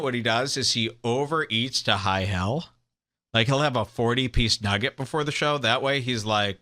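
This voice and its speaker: A man's voice: medium pitch, bright, forceful tone. A man hosting a show, mocking a clip in comedic commentary with laughter and impressions.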